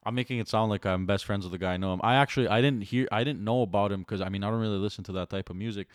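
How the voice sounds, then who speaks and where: A man's voice: fairly low pitch, very fast, no room sound, clean studio sound. A young man, chatting casually on a podcast and acting out the people he talks about. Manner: animated storyteller who acts out the people he quotes. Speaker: podcast co-host. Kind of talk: casual chat.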